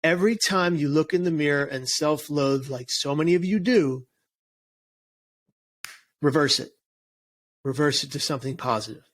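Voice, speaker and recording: Man, interview guest, earnest, emphatic, restarts his sentences, somewhat high-pitched. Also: moderate pace, long pauses. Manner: earnest, emphatic, with frequent restarts and repeated words. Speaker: guest, suicide prevention speaker. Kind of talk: casual interview chat.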